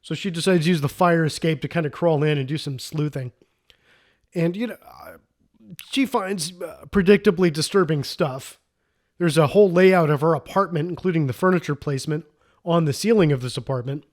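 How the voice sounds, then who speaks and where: On a laid-back movie review podcast, this co-host talks briskly in a fairly high voice. Eager and wandering, he often starts his sentences over.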